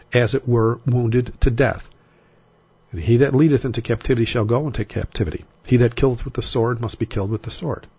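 A man with a husky, breathy edge delivers a recorded sermon on Bible prophecy. He talks in a casual, conversational way but slows down to lean on the verses he reads. The recording is dry and close, with a dull, slightly lo-fi tone. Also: medium pitch, darkish tone, no echo. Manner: conversational, slows to stress scripture readings.

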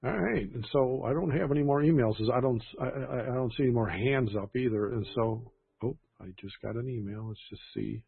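Gravelly, husky man hosting a church stream. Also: mid-range voice, fairly quick, hardly any pauses, no echo. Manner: rambling, with frequent restarts. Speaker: church livestream host. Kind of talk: casual livestream chat. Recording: tinny phone-like sound.

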